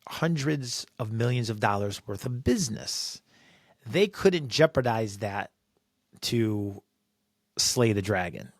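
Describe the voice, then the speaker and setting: A man sharing a workplace story as a podcast guest, animated and acting out quoted voices. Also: lowish voice, no room sound, clean studio sound. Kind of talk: personal storytelling.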